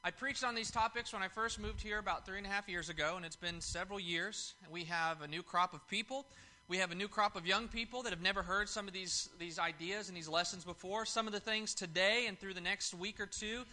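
A man's voice: sits high, fairly quick, bright, forceful tone. A man preaching a Sunday sermon to his congregation, telling a story in a folksy way with fillers and restarts. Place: church service.

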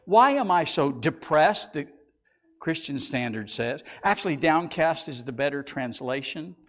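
A middle-aged male pastor preaches and reads scripture aloud, alternating between loud, emphatic lines and quiet, low passages.

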